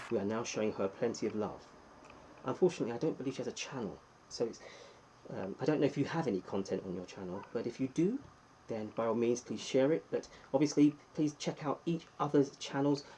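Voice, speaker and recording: A man with an English accent and a medium-pitched voice hosts a casual live stream, reading the chat and giving viewers playful shout-outs. There's a little hiss or hum in the recording.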